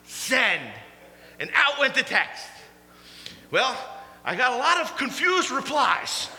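A man preaching a storytelling sermon, animated and laughing through his stories. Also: extremely high pitch, slow, gravelly. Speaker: pastor. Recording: echoey hall, faint hum.

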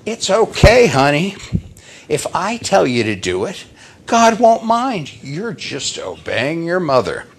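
A man voicing a gently coaxing mother. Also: on the high side, huge pitch swings, takes it slowly, husky, voice pushed up, heavily acted. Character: gentle coaxing mother, middle-aged woman.

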